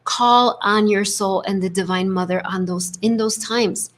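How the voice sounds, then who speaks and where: Woman host, spiritual leadership coach; gentle, affirming, mid-range voice, slips into acted inner voices. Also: medium pitch, fairly even intonation, a little slow. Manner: gentle, affirming, frequent "right?" tag; acts out inner voices with shifts in tone. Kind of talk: spiritual coaching talk to a live group.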